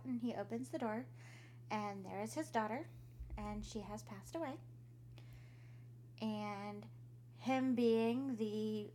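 A woman's voice: mid-range voice, darkish tone, slight background noise. A woman, co-hosting a podcast and casually telling a creepy folk tale, acting out the characters' lines and swearing now and then. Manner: laughs often, swears casually, acts out quotes. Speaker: podcast co-host. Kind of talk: casual storytelling chat.

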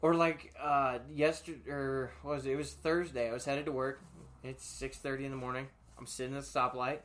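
A man's voice: medium pitch, level tone, fairly quick, fairly bright tone. A man telling profane, laughing stories in casual chat as a podcast co-host.

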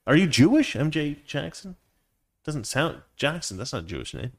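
On a laid-back livestream, a grown man reads viewers' comments and chats in a meandering, self-correcting way punctuated by laughter. He speaks at a moderate pace with a higher voice that swings widely in pitch.

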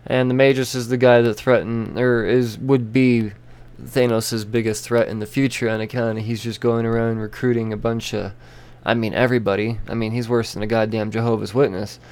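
A man's voice: medium pitch, little pitch movement, a little fast, a little mellow, clear, resonant tone. A man hosting a comic book podcast in a rambling, profane, casual review style. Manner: rambling, swearing, laughing.

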